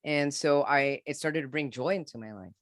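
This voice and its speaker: A man's voice: a little high, fairly bright tone, no room sound, clean studio sound. A man in his forties, a podcast guest, telling a personal story earnestly, often stopping and restarting his sentences. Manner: earnest, halting, with frequent restarts and repeats. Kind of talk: candid personal storytelling in an interview.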